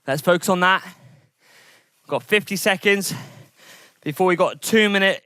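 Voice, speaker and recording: A man coaching an indoor cycling workout, energetic and encouraging as he calls out intervals and counts down, sweating as he rides. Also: high voice, a little slow, smooth, no echo, studio quality. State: sweating from exertion. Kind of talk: coaching a training session.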